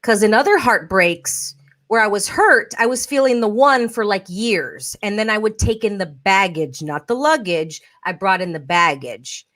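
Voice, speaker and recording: A woman hosting a podcast in a lively chat, acting out quoted voices as she talks. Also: mid-range voice, normal speed. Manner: animated, acts out quoted voices. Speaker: podcast host. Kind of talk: casual podcast conversation.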